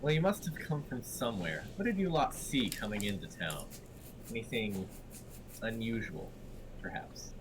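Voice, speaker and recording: A man's voice: fairly low pitch, lively intonation, moderate pace, natural voice. A man playing a nosy tavern stranger in a clumsy, made-up Irish accent, recorded on a noisy home mic. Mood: probing. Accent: fake Irish. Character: gruff male stranger at a tavern table, nosy and blunt.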